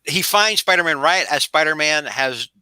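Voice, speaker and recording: A man's voice: on the high side, animated, moderate pace, bright, forceful tone, clean tone, no room sound, poor audio. A man hosting a casual podcast chat, rambling with many restarts and laughing at his own jokes. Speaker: podcast host.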